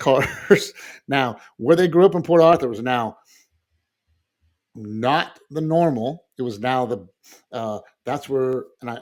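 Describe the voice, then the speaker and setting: A middle-aged man chats as a podcast guest, spinning family stories with fillers and easy chuckles. His voice sits at an ordinary middle pitch. He slips into lively mimicry of the people he describes. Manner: animated storyteller who acts out quoted voices, with frequent fillers and chuckles. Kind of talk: casual conversational storytelling.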